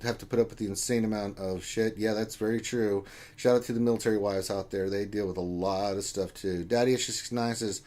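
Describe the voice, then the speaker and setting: A man's voice: fairly low pitch, dark tone. A man co-hosting a casual live stream, reading viewer chat aloud with joking, playful teasing.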